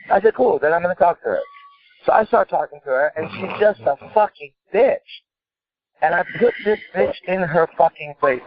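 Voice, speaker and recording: A man co-hosting a call-in podcast, telling a story in an intense, profane, emphatic way. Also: a little high. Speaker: podcast co-host. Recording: tinny phone-like sound.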